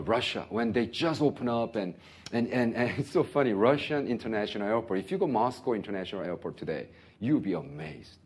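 A man preaching a sermon, telling an animated story with bursts of laughter. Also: lowish voice, breathy edge. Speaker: pastor.

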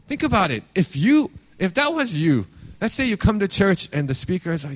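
A man's voice: high voice, big pitch swings, a little fast. A man giving an earnest, conversational sermon as pastor, reading scripture and restarting his phrases often.

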